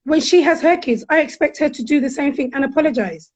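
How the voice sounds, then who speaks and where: A middle-aged woman, speaking candidly as a guest counsellor and acting out quotes in her stories. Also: sits high. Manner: animated, frank, quick to act out quotes. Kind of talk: candid conversational storytelling.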